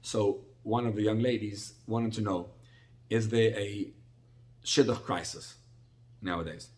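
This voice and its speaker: A man's voice: lowish voice, steady tone, measured pace, a little mellow. A middle-aged man, a rabbi, giving a conversational sermon-style Torah class, often restarting his phrases and acting out little dialogues. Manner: conversational, repetitive restarts, acts out salesman dialogue.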